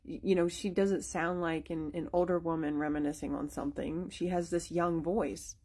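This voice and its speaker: A woman's voice: fairly low pitch, steady tone, moderate pace, dark tone. Chatty young woman telling a ghost story. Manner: chatty, with many fillers and restarts. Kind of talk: casual spoken storytelling.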